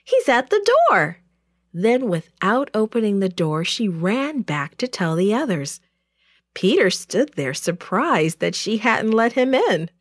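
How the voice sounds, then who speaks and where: Woman storyteller, children's church, very slow, lively melodic reading, dry close sound. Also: mid-range voice, no room sound. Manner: expressive, deliberate reading. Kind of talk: storybook narration.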